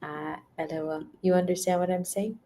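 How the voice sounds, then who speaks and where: A woman's voice: on the low side, fairly even intonation, normal speed, dark tone, soft background music. A young woman giving a casual spiritual talk to her viewers, laughing often, repeating herself and acting out little quoted voices. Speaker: spiritual energy reader.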